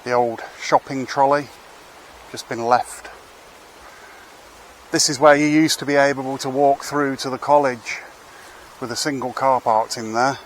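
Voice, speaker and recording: A man's voice: medium pitch, steady tone, measured pace, slight background noise. Wry rambling Englishman on a street walk. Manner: rambling, wry, swears casually. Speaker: street vlogger. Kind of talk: casual walking commentary. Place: outdoors on town streets.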